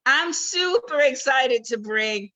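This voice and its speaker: Female comedy host, high bright voice, loose banter, video call. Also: lively intonation, takes it slowly.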